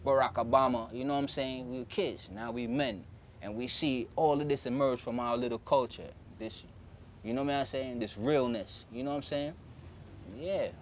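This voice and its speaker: A young man with a Jamaican accent speaks at normal speed in a mid-range, steady voice, with a little hiss or hum audible. His interview talk is casual and loose, patois-tinged street English laced with frequent "you know what I'm saying."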